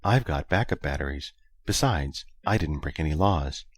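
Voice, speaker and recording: A man voicing a principled female ship computer who speaks calmly and quietly. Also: very deep voice, moderate pace, no echo, clean studio sound. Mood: prim.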